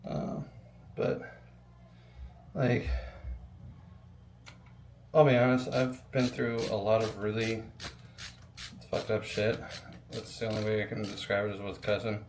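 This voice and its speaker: A man's voice: fairly low pitch, level tone, takes it slowly, pauses often, slight background noise. A young adult man rambling casually while building a PC, with lots of ums and the odd swear word. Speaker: PC builder vlogger. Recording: echoey room with faint ambience.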